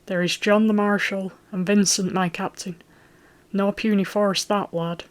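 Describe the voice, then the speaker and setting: A blustering medieval lord, loud and gruff, who barks out his orders in old-fashioned speech, as an audiobook reader puts him on. He is a middle-aged man with a hot temper and a hearty, commanding sound. His voice sits a little higher and much louder than the storytelling. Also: little pitch movement, unhurried, natural voice. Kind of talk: audiobook character voice.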